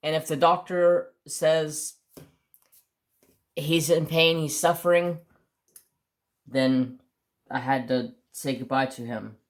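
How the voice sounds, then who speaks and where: A man's voice: a little high, steady tone, slow pace, long pauses. A man casually telling a long personal story on his crafts channel, rambling with restarts and mild swearing. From United States.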